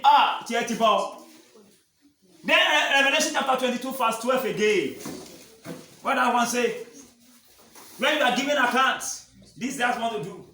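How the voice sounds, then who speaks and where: High, bright-voiced preacher in an echoey hall. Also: male voice, normal speed, long pauses, distant mic, slight background noise. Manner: calls out questions for the congregation to answer; swings between loud shouting and quiet talk. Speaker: pastor. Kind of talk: sermon.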